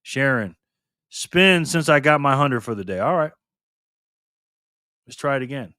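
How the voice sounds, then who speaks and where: A man with a mid-range, lively voice, a little slow and pushed bright, hosts a casual live stream in a clean, echo-free studio sound. He reads viewer comments aloud, cheers on players, and laughs often in a loose, playful way.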